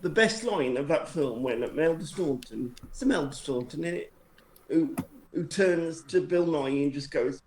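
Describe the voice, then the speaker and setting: On a live stream show, a man tells friends a long anecdote, rambling, self-deprecating and often restarting his sentences in casual storytelling. His voice is on the high side, animated and darkish at normal speed, in an echoey room with faint noise.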